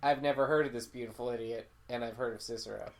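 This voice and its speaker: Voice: medium pitch, steady tone, quick pace, vocal fry. A podcast co-host chatting casually, reacting to the story with sarcastic quips. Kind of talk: casual chat.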